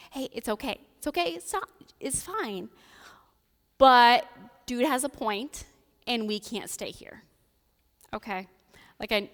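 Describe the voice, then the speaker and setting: A woman's voice: medium pitch, fairly bright tone. Chatty woman preaching in an echoing church. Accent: American Midwestern. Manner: casual, chatty delivery with playful voiced asides. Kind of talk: sermon. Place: church sanctuary. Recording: reverberant church hall.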